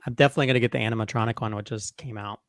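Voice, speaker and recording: A man's voice: on the low side, steady tone, rapid-fire. A man co-hosting a casual review podcast, joking about himself with a dry, self-deprecating humor. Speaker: podcast co-host.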